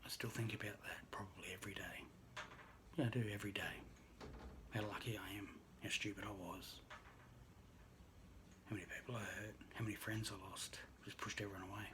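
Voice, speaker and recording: A man who works as a registered nurse, telling a personal story in an earnest, halting way that often drops to a hushed near-whisper. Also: fairly low pitch, steady tone, background noise. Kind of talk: personal story told to camera.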